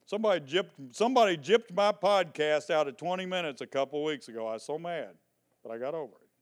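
A man's voice: a little high, lively intonation, fast. A man preaching a sermon to his congregation, joking and teasing between Bible readings. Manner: reads scripture aloud and explains it. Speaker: pastor. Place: church before a congregation.

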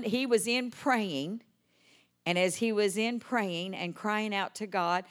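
Older lady preacher, fired up, goes quiet then loud, lots of amens. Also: fairly low pitch. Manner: impassioned, swinging from hushed to exclaiming; storytelling with frequent amens. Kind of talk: sermon.

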